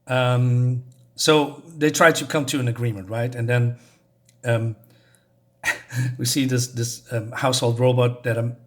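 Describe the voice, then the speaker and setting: A man's voice: medium pitch, flat delivery, a little slow, pauses often. Rambling, hesitant man reviewing comics. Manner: rambling, hesitant, recaps the plot loosely. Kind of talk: casual video review.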